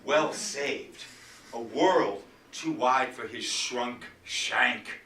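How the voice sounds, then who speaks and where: Quiet somber courtier, man reciting, slow and hushed, echoey room, far off. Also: mid-range voice. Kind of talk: dramatic Shakespeare recitation.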